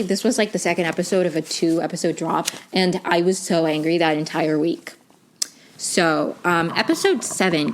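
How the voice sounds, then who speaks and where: Rambling young woman reviewing a show. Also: on the low side. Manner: rambling, frustrated, heavy on "like". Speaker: podcast host. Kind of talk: casual review monologue.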